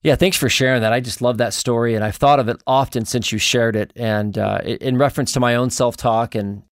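A man's voice: medium pitch, steady tone, no echo. Reflective male podcast host, dry sound. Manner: warm, reflective, halting with many restarts. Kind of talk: casual interview chat.

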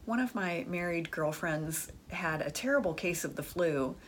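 A woman's voice: on the low side, animated, normal speed, a little hiss or hum. A woman giving relationship advice in a chatty, frank monologue, telling stories about friends. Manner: chatty, frank, uses "like" and "the truth is" often. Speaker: dating and relationship advice speaker.

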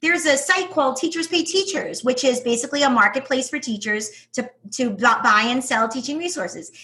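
High, bright New York woman. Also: normal speed. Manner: enthusiastic, emphatic, laughs often. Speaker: guest. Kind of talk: casual interview talk.

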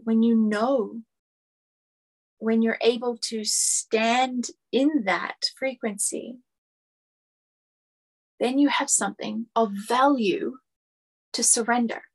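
Woman spiritual teacher, fairly high voice, slow and earnest lecturing with repeated phrases. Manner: earnest, repetitive, building phrases.

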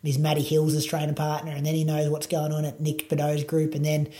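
This man's voice is on the high side and dark in tone, monotone and fairly quick, with an Australian accent. A running podcast producer and coach, he rambles casually through an interview, laid-back and full of fillers.

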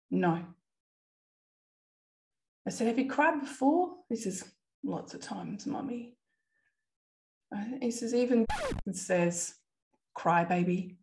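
Woman, podcast host, earnest, emotional personal storytelling, quotes dialogue, mid-pitched voice.

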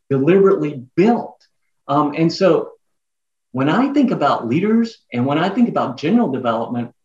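A man's voice: fairly high pitch, darkish tone. Emphatic man on an echoey remote line. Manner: earnest, emphatic, lists ideas in runs. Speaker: guest author. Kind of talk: podcast interview. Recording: echoey, dull lo-fi remote audio.

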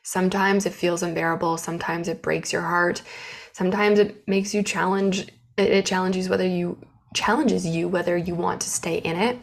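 A woman's voice: on the low side, normal speed, creaky. A woman who runs her own business, talking openly and emotionally about setbacks in a candid personal vlog. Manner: open, emotional, animated storytelling. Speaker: business owner.

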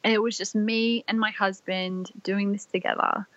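A woman's voice: mid-range voice, level tone, normal speed, fairly bright tone, no room sound, lo-fi sound. A young woman casually and emotionally telling her birth story, with many fillers and restarts.

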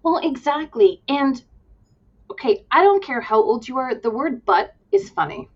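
A woman speaks with a high, animated voice. She tells classroom stories in a casual way. Her audio sounds dull and a little lo-fi. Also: normal speed. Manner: animated, acts out quotes while telling classroom stories. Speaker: podcast guest, early-childhood educator. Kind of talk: casual conversation.

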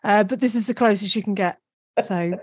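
A woman in her forties with a Northern English accent, a guest on a video call, quick-witted and self-mocking. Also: medium pitch, breathy edge, no echo, studio quality. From England, living in Australia. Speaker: guest, business coach.

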